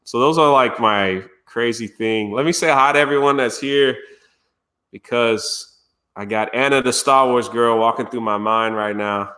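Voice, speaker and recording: A man's voice: medium pitch, a little slow, sharp tone. A man streamer telling a story casually and animatedly, laughing and acting out quotes. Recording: roomy echo.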